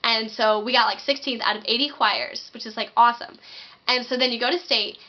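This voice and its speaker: A woman's voice: on the high side, fairly even intonation, fairly quick. A young woman in her late teens doing a chatty comedic rant to camera, full of "like" and acted-out quotes. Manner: chatty, lots of "like", acts out quoted voices. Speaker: vlogger. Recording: muffled lo-fi recording.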